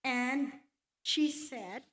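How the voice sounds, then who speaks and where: Woman, fairly high voice, unhurried church testimony, earnest storyteller. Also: a bit bright. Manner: slow, earnest storytelling with quoted scripture. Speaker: testimony speaker at church luncheon. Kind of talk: personal testimony. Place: church hall.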